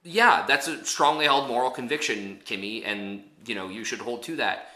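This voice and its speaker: A man co-hosting a podcast in casual chat, animated, with quick asides and lots of fillers. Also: mid-range voice, reverberant. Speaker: podcast co-host.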